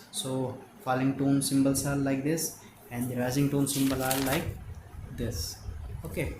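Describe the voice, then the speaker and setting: A man with an Indian English accent, explaining exam notes as a tutor and talking in halting starts with many fillers. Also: medium pitch. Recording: echoey room with noise.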